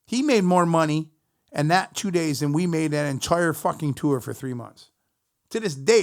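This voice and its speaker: Middle-aged man, gravelly and slightly high-pitched, spinning a swear-heavy road story for his stream. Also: moderate pace. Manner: profane, animated, rambling storyteller. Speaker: musician streaming on Twitch. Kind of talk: casual storytelling to stream chat.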